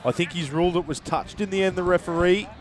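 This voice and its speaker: Brisk man calling a rugby match. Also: high voice, steady tone, a little hiss or hum. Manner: brisk, jokey banter with co-commentator. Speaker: play-by-play commentator. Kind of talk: live rugby league commentary. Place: outdoors at a local sports ground.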